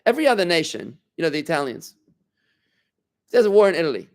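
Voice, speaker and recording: A man's voice: fairly high pitch, sing-song, fast talker. A man, a rabbi, giving an informal class to a small group in a room, talking casually and quizzing his listeners as he goes. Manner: conversational, asks the room questions, many restarts.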